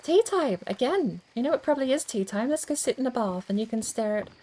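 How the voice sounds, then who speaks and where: A woman's voice: fairly high pitch, animated, fast, mellow, a little hiss or hum. A woman streamer chatting casually as she plays, thinking aloud and over-enunciating every word. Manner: chatty, thinks aloud while fiddling with settings. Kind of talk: casual game-stream chat.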